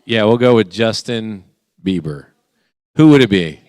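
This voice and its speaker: A man's voice: fairly low pitch, expressive, a little mellow, clear, resonant tone, no echo, studio quality. A man hosting a guessing game for a church youth group, playful and teasing with the teens. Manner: playful, teasing, quick back-and-forth with the group.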